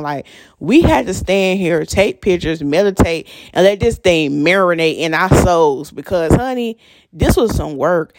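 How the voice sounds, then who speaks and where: A young woman, hosting a podcast and telling a story in a chatty, animated way. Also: lowish voice, normal speed, dry recording, studio quality. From North Carolina. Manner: chatty, animated, addresses listeners as y'all. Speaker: podcast host. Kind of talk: casual storytelling monologue.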